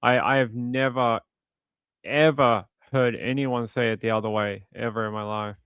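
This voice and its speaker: A man with an Australian accent hosting a livestream and reading viewer comments in a relaxed way. He repeats himself often and chuckles between thoughts. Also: medium pitch, normal speed, clear, resonant tone, no room sound, phone-quality sound. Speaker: livestream host. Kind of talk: casual live chat reading viewer comments.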